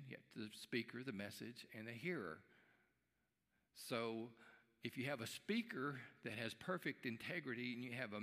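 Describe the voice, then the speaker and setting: A man preaching a sermon in a church sanctuary, his bright and forceful voice carrying a long, lingering reverb. He tells folksy stories and slips into acted voices for the people in them. The recording is a live service stream. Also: medium pitch. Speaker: pastor.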